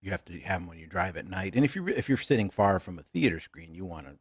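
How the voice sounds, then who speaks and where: Husky, low-voiced man with dry quips. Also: lively intonation, quick pace, dry recording. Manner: dry, wry interjections. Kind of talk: casual comedic chat.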